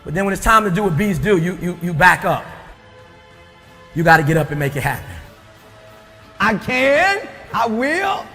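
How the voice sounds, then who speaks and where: A man shouting a driving, rhythmic motivational speech. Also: high voice, sing-song, normal speed, pauses often, big-room sound, soft background music. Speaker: motivational speaker.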